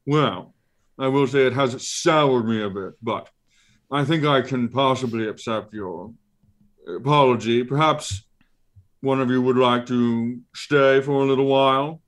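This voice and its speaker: A man voicing a genteel, fussy floating eye monster who speaks with polite, pompous, old-fashioned phrasing in a raised, louder voice. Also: mid-range voice, a little slow, voice pushed up, natural voice. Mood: aloof, haughty.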